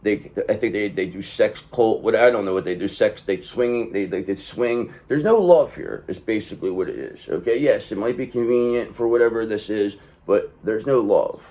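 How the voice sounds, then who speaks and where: A man giving a casual tarot reading, talking in an emphatic, profane, streetwise way and swinging between loud bursts and low asides. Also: moderate pace, few pauses. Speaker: tarot reader.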